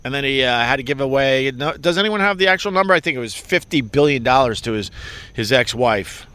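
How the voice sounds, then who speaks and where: A man's voice: mid-range voice, animated, brisk, sharp tone, smooth. A man hosting a podcast, talking in a rambling, profane and self-mocking solo monologue. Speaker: podcast host.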